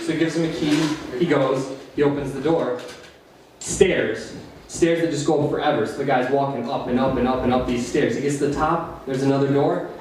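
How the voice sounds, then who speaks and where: With an Upper Midwest American accent, a man performs stand-up at a small cafe open mic, drifting through long jokes, poking fun at himself and laughing nervously. His medium-pitched voice is a little mellow, steady in tone and fairly quick. A faint hiss, a very echoey room and a distant mic color the sound.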